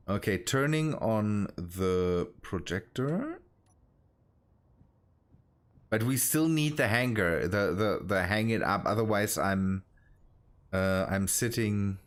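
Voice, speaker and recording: Male streamer, slow-talking, lowish voice, halting casual gaming chat, restarts sentences. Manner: halting, restarts phrases while busy. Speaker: streamer directing teammates.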